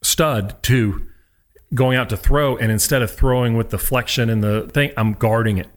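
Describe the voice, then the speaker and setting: This guest, once a college pitcher, has a medium-pitched voice and talks at normal speed. His casual interview is full of stories, and he animatedly acts out whoever he's quoting.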